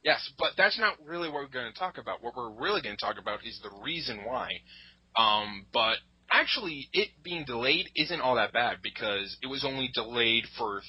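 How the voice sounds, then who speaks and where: A man's voice: mid-range voice, expressive, normal speed, bright, forceful tone, breathy edge, no echo, low-quality recording. A man hosting a casual gaming podcast, chatting loosely with frequent laughs and swearing. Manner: laughs often, loose and profane. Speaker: podcast host.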